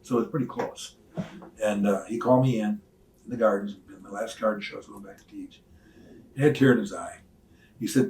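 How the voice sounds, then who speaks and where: An older retired wrestler telling stories in an interview, acting out the voices of others with loud swings. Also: male voice, fairly low pitch, brisk, long pauses. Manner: animated storyteller, acts out quoted voices, loud swings. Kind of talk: shoot interview storytelling. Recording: roomy sound, mic at some distance.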